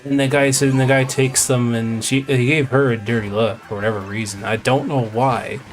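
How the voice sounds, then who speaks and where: A man's voice: medium pitch, steady tone, normal speed, soft background music. A man live-streaming a game, telling a long rambling story in casual chat. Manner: rambling, retells conversations at length. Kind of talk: casual storytelling while gaming.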